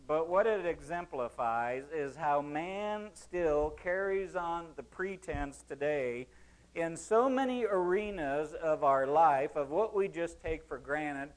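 A man preaching a sermon, telling an illustrative story and quoting writers, with dramatic swings in loudness. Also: a little high, low-quality recording.

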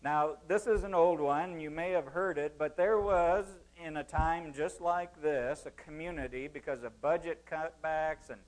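A man preaching a sermon, telling an illustrative story and quoting writers, with dramatic swings in loudness. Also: a little high, poor audio.

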